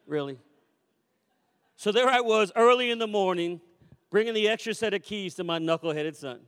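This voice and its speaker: High-voiced preacher man in a reverberant church. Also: fairly quick, clean tone. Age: 50s. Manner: animated, swings between loud calls and quiet asides. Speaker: pastor. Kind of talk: sermon with storytelling. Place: church sanctuary. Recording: long reverb of a church hall.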